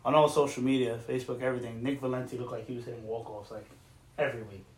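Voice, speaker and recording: A man's voice: medium pitch, fairly even intonation, rapid-fire, recorded from a distance. A man on a podcast panel, chatting casually with short, easy reactions. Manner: laid-back, brief reactions. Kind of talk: casual banter. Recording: roomy room sound.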